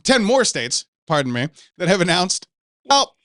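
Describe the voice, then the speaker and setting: A man's voice: high voice, very animated, moderate pace, a bit bright, no echo. Profane storytelling podcast guy, dry sound. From Pacific Northwest. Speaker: podcast host. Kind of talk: casual podcast banter.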